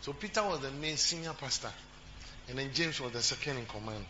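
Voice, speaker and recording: A brisk pastor of medium pitch preaches to his congregation at church, repeating phrases, joking, and questioning the crowd. A humming noise sits under the dull recording.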